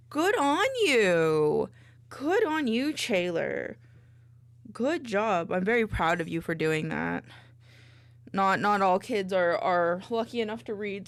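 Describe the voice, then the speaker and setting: A woman streamer chatting casually with viewers from her home desk, bubbly and rambling, into a mic on a boom arm. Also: no room sound. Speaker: VTuber streamer. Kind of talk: casual livestream chat.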